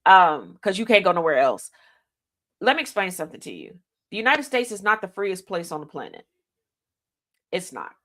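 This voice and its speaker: A woman's voice: lowish voice, huge pitch swings, moderate pace, pauses often, fairly bright tone. A woman hosting a radio talk show, giving an opinionated commentary monologue. She speaks directly to her listeners, repeats key lines for emphasis and throws in folksy, slangy asides. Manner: emphatic, addresses listeners directly with rhetorical questions.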